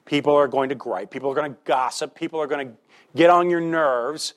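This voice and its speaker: Male pastor, slightly raised pitch, conversational sermon delivery with rhetorical questions and animated swings in volume. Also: a little fast. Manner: animated, swings between loud emphasis and quiet asides.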